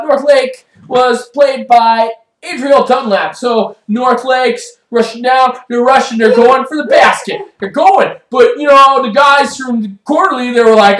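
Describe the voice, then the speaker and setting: An improv performer playing a sports correspondent who gives excited, rambling play-by-play, often shouting and breaking into quick put-on voices for the players. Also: mid-range voice. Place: improv stage. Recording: roomy stage sound, mic far off.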